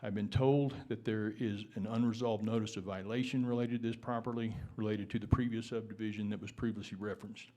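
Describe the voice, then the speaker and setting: Speaking briskly with few pauses, a Texan man offers public testimony at a town meeting, frequently restarting words and relying on formal legal language. His voice is fairly low, mellow and steady in tone.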